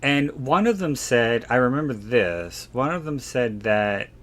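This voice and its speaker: A man's voice: mid-range voice, animated, unhurried, a bit bright. A man co-hosting a podcast, chatting casually and rambling with many fillers and restarts. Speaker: podcast co-host. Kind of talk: casual chat.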